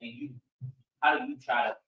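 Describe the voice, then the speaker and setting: A man in a congregation asking a question, speaking haltingly with pauses. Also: highs cut off. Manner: hesitant, halting.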